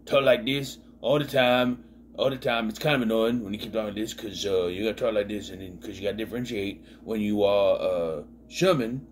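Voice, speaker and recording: A man putting on a lower, droning voice to mock an awkward, nerdy man. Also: steady tone, a little fast, a little hiss or hum, close to an everyday voice.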